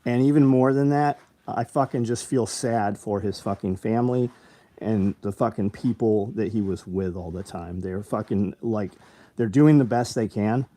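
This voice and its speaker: A man's voice: medium pitch, warm tone. A man hosting a casual livestream about gear, talking bluntly with lots of swearing and angry rants. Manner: profane, blunt, swings between rambling and angry ranting. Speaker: livestream host selling tactical gear.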